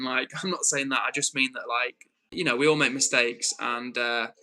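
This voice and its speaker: A young man with a Northwest English accent hosting a live stream, reading chat and calmly, earnestly lecturing a troll with many restarts. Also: mid-range voice, normal speed. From Northwest England. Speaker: livestream host.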